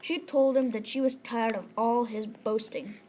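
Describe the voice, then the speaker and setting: A woman's voice: a little high, fairly even intonation, normal speed, dark tone. A woman reading a story aloud as one of several narrators, plain with a few restarts. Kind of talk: group read-aloud narration. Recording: crowd noise behind.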